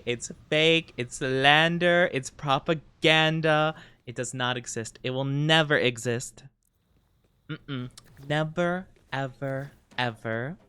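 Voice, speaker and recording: A playful male streamer talks to his chat from a home setup, his pitch leaping all over the place as he rambles and giggles. The voice is smooth and clean, recorded close on a desk mic. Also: fairly bright tone, dry recording. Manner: playful, giggly and rambling, with sudden high squeaks. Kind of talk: casual live-stream chat while gaming.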